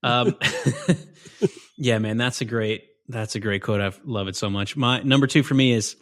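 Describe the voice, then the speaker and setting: A man's voice: lowish voice, fairly even intonation, normal speed, a bit bright. A man co-hosting a movie podcast, chatting with casual enthusiasm. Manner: enthusiastic, says dude a lot. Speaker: podcast co-host. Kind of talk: casual chat.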